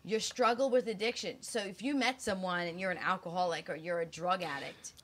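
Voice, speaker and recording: A woman's voice: on the low side, brisk, a bit bright. Blunt, swearing woman, slightly slurred. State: slurring from dental work. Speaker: co-host. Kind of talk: casual frank chat.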